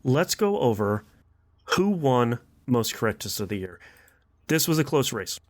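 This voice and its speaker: Man hosting a podcast, animated pitch, casual chat, slow deliberate delivery. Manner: upbeat, reads results slowly with drawn-out pauses. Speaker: podcast host.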